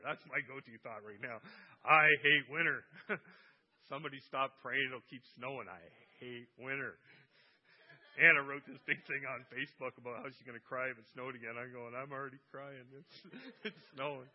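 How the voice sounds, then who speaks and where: A man's voice: mid-range voice, highs cut off. A man preaching a sermon to a church, telling stories with humor and quoting people in their voices. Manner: humorous storytelling with quoted voices. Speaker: guest preacher.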